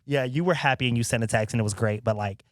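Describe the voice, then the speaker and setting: Expressive laughing male podcast host. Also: mid-range voice, fast talker, dry recording, studio quality. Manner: expressive, laughing, acts out quotes. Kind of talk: casual chat.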